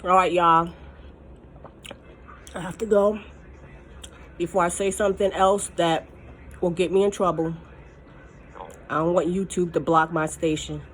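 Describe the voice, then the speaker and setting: A woman's voice: fairly low pitch, fairly even intonation, measured pace, pauses often, slight background noise. A woman talks straight to her viewers in a heated personal vlog. She is furious and emphatic, hammering her points by repeating them. Her voice sounds close to tears throughout. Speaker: mukbang vlogger. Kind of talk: angry personal vlog rant.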